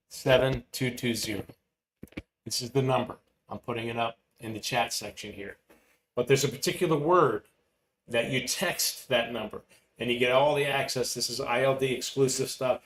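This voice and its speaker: Male motivational coach, mid-pitched, energetic and repetitive delivery, roomy echo with faint background hum. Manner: energetic, emphatic, repeats key phrases. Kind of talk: live online masterclass teaching. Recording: roomy echoey room with faint ambience.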